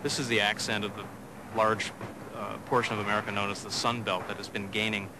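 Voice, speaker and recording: A man's voice: fairly low pitch, little pitch movement, fairly quick, background noise. A man explaining dialects in an interview, thoughtful and stopping now and then with fillers. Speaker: language expert.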